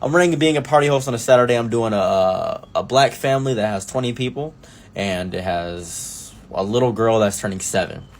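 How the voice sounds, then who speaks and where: A young man telling a personal story as a storytime commentary, animated and mock-grandiose, jumping up into high exclamations. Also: brisk.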